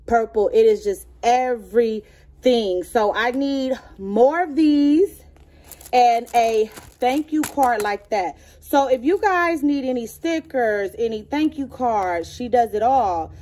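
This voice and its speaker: A woman's voice: a little high, expressive, slow pace, mellow. A woman vlogger chatting casually as she shows off items in a show-and-tell video, gushing and calling viewers "girl". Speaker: beauty and lifestyle vlogger.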